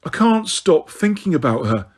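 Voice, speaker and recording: Lovesick teen wizard , man reading him, raised and lively, husky edge. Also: on the high side, normal speed. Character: lovestruck teenage boy wizard, moody and desperate.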